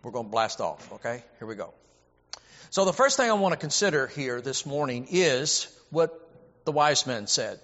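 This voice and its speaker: A man's voice: medium pitch, sing-song, moderate pace, fairly bright tone. A man preaching a sermon, emphatic and repetitive, often stammering as he restarts a phrase. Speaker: preacher and Bible teacher. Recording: dull audio with long hall reverb.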